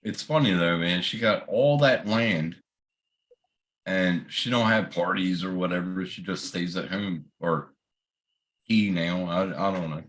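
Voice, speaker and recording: Bright-voiced man, swearing casually. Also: low voice, measured pace. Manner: loose, swearing, laughing often. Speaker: guest on a livestream chat. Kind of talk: casual chat.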